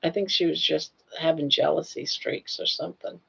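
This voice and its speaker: A woman's voice: sits low, steady tone, gravelly, sharp tone, husky, lo-fi sound. An older woman hosting a casual livestream, chatting in a folksy way and reading out viewers' comments. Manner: chatty and folksy, drawing out viewers' names slowly. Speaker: livestream host.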